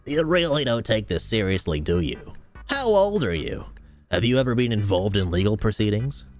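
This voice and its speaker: A stern grown man lays down legal threats in stiff, formal, menacing tones, as a man puts him on. The voice sounds strained, as if the throat is giving out. His pitch swings around more than you'd expect. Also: sing-song, normal speed, faint music behind. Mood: condescending. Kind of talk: mock reading of a letter.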